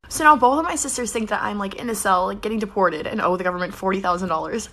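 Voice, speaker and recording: A woman's voice: medium pitch, quick pace, few pauses, a bit bright, a little hiss or hum. A young woman telling a mischievous comic story, giggling often.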